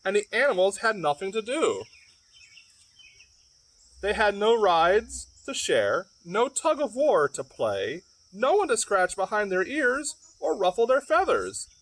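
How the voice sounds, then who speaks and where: A man reading a picture book aloud for children, with a highish voice that rises and falls a great deal. He takes it slowly and breaks off for playful asides to the kids. Crickets and other insects chirp faintly behind him. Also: fairly bright tone. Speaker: library storyteller. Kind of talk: children's story read-aloud.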